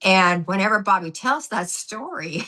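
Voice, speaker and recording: A woman guest on a podcast interview, an animated, emphatic storyteller who acts out what people said. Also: medium pitch, moderate pace. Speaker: guest, former gymnastics coach.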